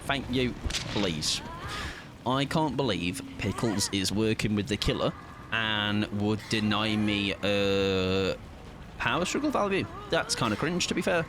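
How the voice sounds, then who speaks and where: A man streaming a game, chatting playfully and excitably with teammates. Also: medium pitch, normal speed, noisy background. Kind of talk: casual gaming chat.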